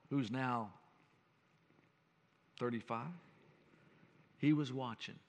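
Older male pastor, slightly high voice, folksy earnest sermon, long reverb of a church hall. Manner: folksy, earnest storytelling preacher.

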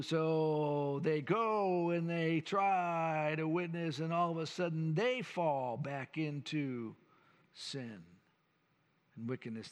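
Older male pastor, slightly high voice, folksy earnest sermon, long reverb of a church hall. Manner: folksy, earnest storytelling preacher.

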